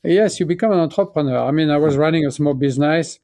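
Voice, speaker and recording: A man in his sixties from France with a French accent, speaking as an interview guest and telling his story in a reflective, halting way with many restarts. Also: a little high, warm tone. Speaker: guest, pharmaceutical chief executive. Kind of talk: conversational interview.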